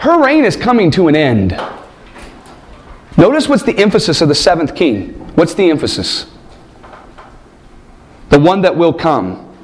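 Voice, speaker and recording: A man teaching a Bible class, asking rhetorical questions and stressing points emphatically. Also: high voice. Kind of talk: classroom lecture.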